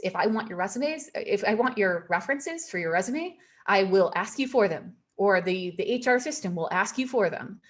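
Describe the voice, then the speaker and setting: A woman leads an online career webinar, speaking at a middling pitch. Her talk is emphatic and she repeats her warnings, with an easy laugh between points. She sounds like a video call. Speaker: webinar presenter. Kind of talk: presenting a webinar on resumes.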